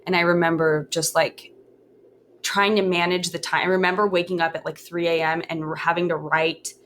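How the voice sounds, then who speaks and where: A woman in her thirties speaks in a slightly low voice, earnest and halting, often stopping to restart a sentence. She recounts her story candidly in conversation. A faint hum of room noise sits under her voice. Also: level tone, a bit bright. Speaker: podcast guest.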